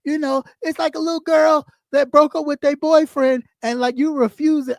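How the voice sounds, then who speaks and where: A woman's voice: high voice, fairly even intonation, normal speed, gravelly, darkish tone, no room sound, clean studio sound. A woman hosting a live stream, talking bluntly and profanely as she scolds her audience and repeats lines for emphasis. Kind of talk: ranting live stream commentary.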